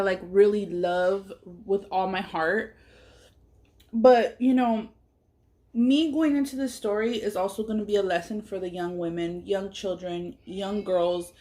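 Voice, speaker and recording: A woman's voice: mid-range voice, darkish tone. A woman and mother telling a personal story while eating on camera, talking in a blunt, emphatic way, swearing freely and speaking openly about her feelings. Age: adult parent. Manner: candid and emotional. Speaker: mukbang vlogger.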